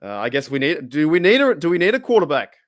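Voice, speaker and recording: A man's voice: a little high, very animated, fast talker, dry recording, clean studio sound. An Australian man hosting a casual livestream talk show, rambling with restarts and reading viewer comments aloud. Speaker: podcast host. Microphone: livestream microphone.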